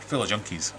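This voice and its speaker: Rambling, jokey British man hosting a livestream. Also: noisy background. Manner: rambling, jokey, self-interrupting. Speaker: livestream host. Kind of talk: casual live-stream chat reading viewer comments. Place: home fish room.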